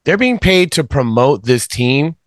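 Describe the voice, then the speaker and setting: A man's voice: on the high side, very animated, unhurried, no echo, studio quality. A man hosting a casual sports podcast, talking frankly and emphatically with a rambling flow. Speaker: podcast host.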